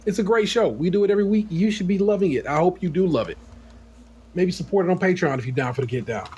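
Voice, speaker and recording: A man hosting a casual remote podcast, talking loosely and joking with quick asides. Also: high voice, animated, dark tone, muffled recording, a little hiss or hum. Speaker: podcast host. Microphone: remote call.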